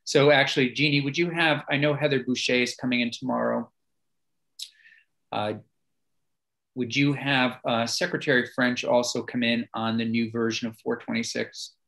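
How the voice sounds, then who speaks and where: Gravelly-voiced man chairing a meeting. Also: medium pitch, normal speed, poor audio. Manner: relaxed, hedging with fillers. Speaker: committee chair. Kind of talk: committee meeting discussion.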